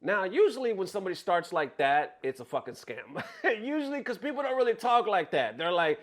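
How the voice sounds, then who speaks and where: A man's voice: high voice, normal speed. A man talking casually to his viewers, swearing freely and acting out what other people said. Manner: animated, swears freely, acts out quotes. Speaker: content creator. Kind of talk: casual commentary vlog.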